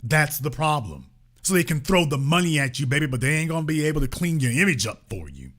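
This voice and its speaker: A man's voice: on the high side, sing-song, fast talker, fairly bright tone. A man hosting a political commentary show, delivering an emphatic, sarcastic, colloquial monologue. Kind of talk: opinionated monologue.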